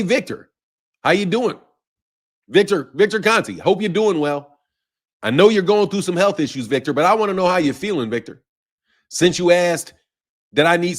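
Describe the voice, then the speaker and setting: A man hosting a boxing live stream, reading chat aloud in a rambling, profane way and laughing often. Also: high voice. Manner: animated and rambling, laughs often, swears freely.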